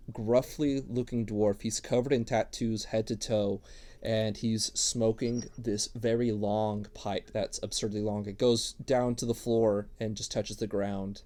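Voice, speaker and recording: Guy running a tabletop game, mellow voice, laid back, lots of ums. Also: lowish voice. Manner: relaxed, filler-heavy narration. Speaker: game master.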